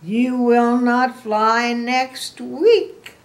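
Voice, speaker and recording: An older woman voicing a careful, worried elephant boy in a storybook, slow and loud as he insists. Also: on the high side, voice pushed up. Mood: stern.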